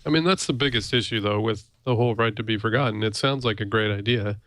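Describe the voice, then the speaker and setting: A man appearing as a guest on a casual tech panel chat, making measured, questioning points. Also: lowish voice, fairly bright tone, dry recording.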